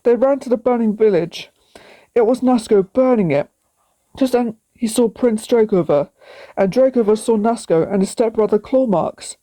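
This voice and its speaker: A woman's voice: on the high side, moderate pace, dark tone. Woman reading a storybook aloud. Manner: simple plain reading with small slips. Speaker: storybook reader.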